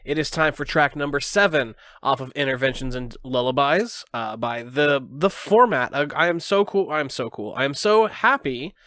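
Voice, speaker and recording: A man hosting a casual music podcast, talking in halting phrases with many restarts. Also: medium pitch, animated, sharp tone, dry recording, studio quality. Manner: hesitant, lots of filler restarts. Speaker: podcast host. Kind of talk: casual chat.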